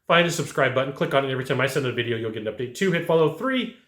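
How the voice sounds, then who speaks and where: A sales trainer gives viewers direct-to-camera coaching that's blunt, conversational and heavy on rhetorical questions. He has a medium-pitched, fairly bright voice and talks very fast and animatedly. Echo from the room is audible.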